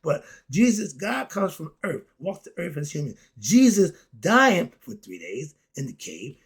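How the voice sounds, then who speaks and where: A man delivers a preachy spiritual lecture, putting questions to his listeners and answering them himself. His voice sits a bit high and sounds husky. He drops into quiet asides, then breaks into loud, excited bursts. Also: unhurried. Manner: preachy, talks straight at the audience, asks and answers his own questions. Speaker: host.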